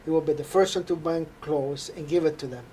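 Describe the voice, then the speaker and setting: A man telling an earnest, halting faith testimony. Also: on the high side, warm tone, a little hiss or hum. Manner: halting, earnest storytelling with frequent hesitations. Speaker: interview guest.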